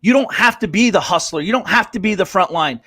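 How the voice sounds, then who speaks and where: Blunt fired-up man, high voice. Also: expressive, fairly quick, pushed and bright, no echo, studio quality. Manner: blunt, swearing, acts out quoted voices. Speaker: host of a live business show. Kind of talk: fired-up motivational rant.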